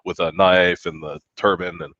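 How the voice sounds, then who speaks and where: Animated, swearing American man telling a story. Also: low-pitched, moderate pace, no echo, highs cut off. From United States. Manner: animated, profane storytelling with acted-out quotes. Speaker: guest author. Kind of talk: storytelling in a podcast interview.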